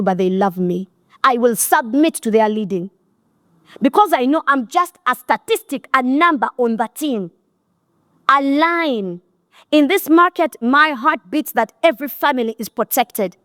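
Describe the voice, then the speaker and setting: A woman's voice: sits high, dry recording, clean studio sound. A middle-aged woman with a Ugandan accent gives a blunt, scolding motivational talk to an audience. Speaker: motivational speaker.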